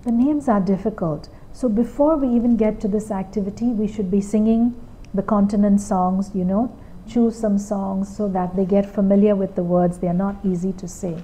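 A woman's voice: medium pitch, warm tone, rough recording. A woman training teachers, explaining steps patiently and checking in with her listeners as she goes. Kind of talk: instructional talk to trainee teachers.

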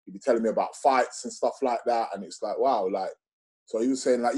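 Man, interview guest, casual storytelling, rambling, lots of "you know what I mean", mid-pitched. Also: fairly quick, warm tone. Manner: rambling, many fillers and restarts.

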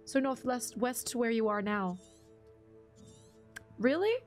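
A woman's voice: fairly high pitch, expressive, slow pace, faint music behind. A woman streamer chatting casually while she plays, rambling through stories and laughing often. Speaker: game streamer. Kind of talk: casual live-stream chat while gaming.

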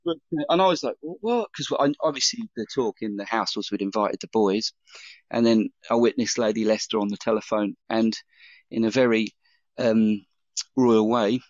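A chef telling long anecdotes in a casual interview, with many fillers and restarts. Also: male voice, fairly low pitch, no echo, muffled recording. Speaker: chef guest.

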